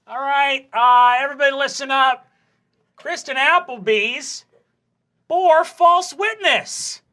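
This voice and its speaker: A man voicing a blustering male gym coach in a tabletop game, making loud announcements. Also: very high voice, normal speed, voice pushed up. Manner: shouty announcements.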